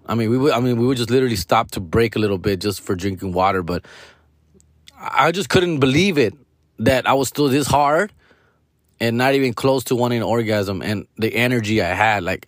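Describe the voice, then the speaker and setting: A man hosts his own comedy podcast, delivering a loose, rambling, casual storytelling monologue with heavy swearing and calling his listeners fool and bro. His voice is fairly low and a little fast, in clean studio sound with no room tone.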